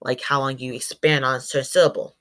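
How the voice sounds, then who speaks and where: A woman's voice: rumbling low, little pitch movement, quick pace. A woman presenting to a class. She stumbles over words, corrects herself, and says sample words aloud. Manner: demonstrates sounds aloud. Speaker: student presenter.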